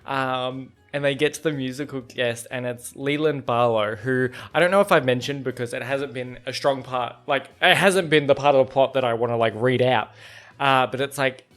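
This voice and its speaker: A young man hosts a book club at a moderate pace and medium pitch, chatting excitedly and rambling with plenty of fillers and swearing. Now and then he reads passages aloud as he reacts.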